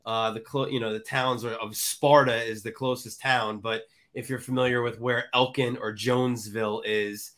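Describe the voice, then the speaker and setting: A congested man co-hosting a casual morning chat, telling a relaxed, reminiscent story. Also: mid-range voice. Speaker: co-host.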